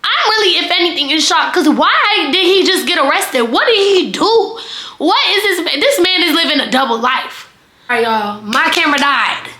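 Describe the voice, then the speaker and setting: Young woman vlogging a crazy storytime, bright sharp voice, roomy echo. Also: high voice, moderate pace. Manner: animated, dramatic storytelling with quoted voices. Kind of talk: storytime vlog.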